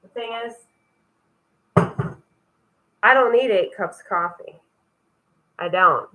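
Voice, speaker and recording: A woman's voice: mid-range voice, takes it slowly, bright, forceful tone, low-quality recording. Rambling, swearing woman vlogging at home. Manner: rambling, swears freely, self-mocking; talks while walking around her home. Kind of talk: casual rambling vlog. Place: cluttered home.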